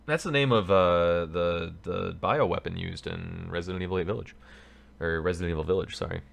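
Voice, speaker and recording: A man's voice: low-pitched, a little fast, gravelly, a bit bright. A man giving casual, rambling commentary over a game, full of fillers and restarts. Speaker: let's player. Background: game music.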